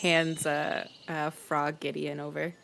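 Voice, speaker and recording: A woman playing in a tabletop game, describing her character's actions in a giggly, hushed way. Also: low-pitched, level tone, slow pace, creaky, a little hiss or hum. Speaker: player.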